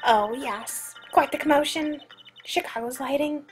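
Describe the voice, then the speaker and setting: A woman playing a mysterious neighbor woman from a courtroom game, who speaks in short, formal, clipped phrases. The voice is high and measured, over faint music. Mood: cryptic.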